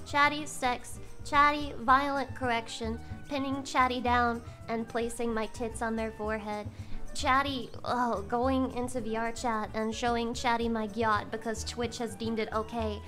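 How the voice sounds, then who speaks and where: Woman streamer, high and bright, loud, swearing, excitable, strained cracking voice, faint music underneath. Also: measured pace. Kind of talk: casual chat with a live audience.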